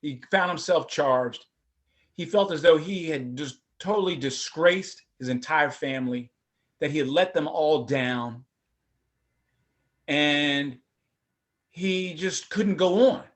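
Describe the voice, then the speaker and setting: A middle-aged man, a former prosecutor, telling his personal story at a forum in a lively, conversational way. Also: a little high. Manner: animated, conversational, acts out voices.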